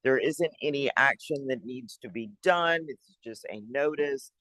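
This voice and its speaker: Male staff presenter at a city board meeting, mid-pitched, chatty and upbeat, dry room. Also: unhurried, bright, forceful tone, no room sound, low-quality recording. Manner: chatty, upbeat, stops mid-sentence to find papers. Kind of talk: public board meeting update.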